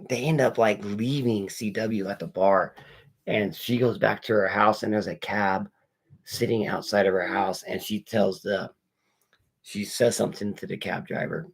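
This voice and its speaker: A man's voice: fairly low pitch, gravelly, husky. A man casually recapping a horror movie with spoilers while unboxing comics, rambling and swearing as he quotes the characters. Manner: rambling, profane storytelling with quoted dialogue. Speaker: movie reviewer.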